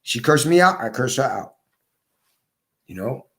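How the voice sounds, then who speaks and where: A hoarse man telling his story in a casual monologue, repeating his points for emphasis. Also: mid-range voice, very animated, a little slow, fairly bright tone. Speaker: vlogger.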